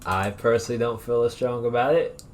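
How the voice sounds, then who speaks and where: A man co-hosting a podcast, ranting in a profane, animated casual chat. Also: medium pitch, brisk, a little hiss or hum. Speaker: podcast co-host.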